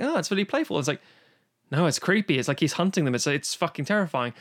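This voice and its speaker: A man in casual podcast chat about film, animated and profane, acting out quotes as he goes. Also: on the high side, fast talker. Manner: animated, swearing, acts out quotes. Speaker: podcast guest discussing films.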